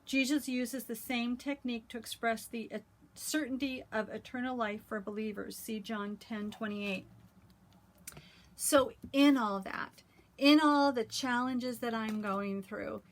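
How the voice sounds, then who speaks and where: Earnest, slightly high-voiced woman vlogger. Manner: earnest, heartfelt, many "um" pauses. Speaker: cross-stitch vlogger. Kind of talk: casual talk with scripture reading.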